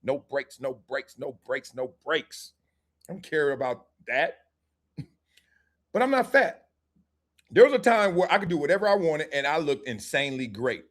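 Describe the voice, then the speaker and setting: Laughing, high-voiced man host. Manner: loud, laughing, mimics his kids in put-on voices. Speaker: show host. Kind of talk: casual sports talk, joking.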